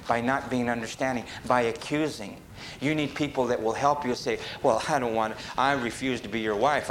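A male preacher delivering a sermon in a mid-range voice. He swings from loud, emphatic peaks down to low, quiet asides. A faint hiss sits under the recording. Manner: animated, rises to emphatic peaks and drops low.

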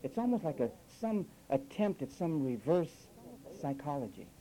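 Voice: medium pitch, very animated, normal speed, dark tone, a little hiss or hum, poor audio. A preacher delivering a sermon with sarcastic asides, mimicking the phrases he criticises. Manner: sarcastic, mocks quoted phrases with acted voices.

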